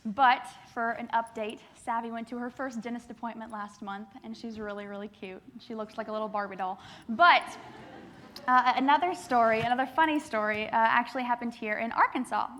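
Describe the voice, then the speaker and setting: A young woman giving a keynote speech to a youth assembly, telling lively stories with acted-out quotes. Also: on the high side, fairly quick, a little hiss or hum. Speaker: keynote speaker. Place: large assembly hall.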